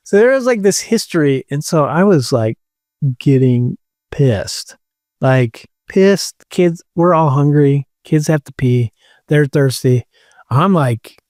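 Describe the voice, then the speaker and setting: A man with a fairly high voice spins a candid story at an unhurried, drawn-out pace. He swears freely, leans on "like" and breaks into laughs as he goes. The sound is dry and close, with almost no room. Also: big pitch swings, darkish tone, no room sound. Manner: candid, profane, full of "like" fillers, laughs mid-sentence. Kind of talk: casual storytelling chat.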